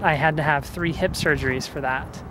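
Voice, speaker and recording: A young man vlogging outdoors on a handheld camera, telling stories in an animated, casual way with laughs. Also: fairly high pitch, normal speed. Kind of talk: casual vlog chat. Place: outdoors on a busy street. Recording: faint street noise outdoors.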